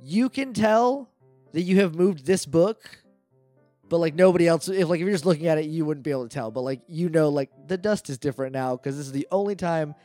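A man's voice: fairly high pitch, brisk, warm tone, dry recording, faint music behind. A man narrating as game master of a tabletop role-playing podcast, loose and chatty with lots of fillers.

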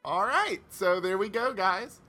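Game master guy narrating the scene, bright edgy voice, easygoing. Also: high voice, animated, measured pace, soft background music. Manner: easygoing descriptive narration, plugs the show. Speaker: game master and podcast host.

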